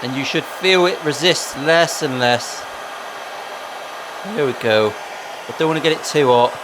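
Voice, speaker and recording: A man's voice: fairly high pitch, measured pace, noisy background. A man, a luthier chatting casually and sarcastically while building a guitar in his workshop, swearing freely.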